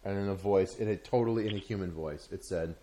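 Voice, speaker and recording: A man telling a story in casual chat, rambling and halting, with frequent swearing. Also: low voice, dark tone, a little hiss or hum.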